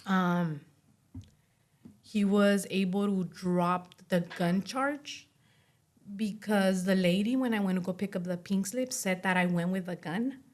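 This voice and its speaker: A woman in her late twenties appears as a podcast guest, casually telling her story, chatty and full of "like", acting out quoted dialogue. Her voice is mid-range and she speaks in an unhurried way.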